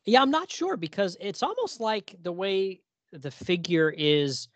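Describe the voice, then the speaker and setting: A man's voice: high-pitched, wildly swooping pitch, unhurried, no echo. A man co-hosting a casual podcast, enthusiastic and laughing often as he recaps stories. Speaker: podcast co-host. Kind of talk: casual chat.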